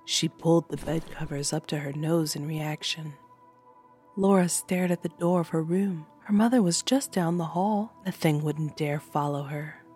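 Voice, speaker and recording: A woman narrating a short horror story in a calm, measured way. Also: deep voice, faint music behind. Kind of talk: scripted horror fiction narration.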